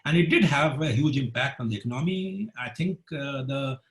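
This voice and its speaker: A man with a mid-range voice gives his analysis as a senior newspaper editor over a video call. He pauses often, filling gaps with hesitant sounds as he builds his argument. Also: medium pitch, poor audio. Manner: hesitant, frequent uh fillers. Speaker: newspaper editorial director, panelist. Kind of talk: webinar panel remarks.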